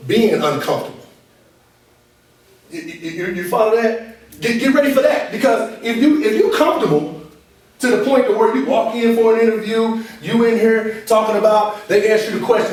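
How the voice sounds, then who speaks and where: A man giving an animated motivational talk to a live group, often checking whether the audience is following him. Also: high-pitched, moderate pace. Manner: animated call-and-response, repeatedly asking the audience to follow along. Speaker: motivational speaker and coach. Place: meeting room with an audience. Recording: echoey room from far off.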